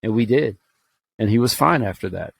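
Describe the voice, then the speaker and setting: A man's voice: on the low side, lively intonation, moderate pace, vocal fry, no echo. A man from Alabama telling a personal story on a podcast, earnest and rambling, with fillers and restarts. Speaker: podcast co-host.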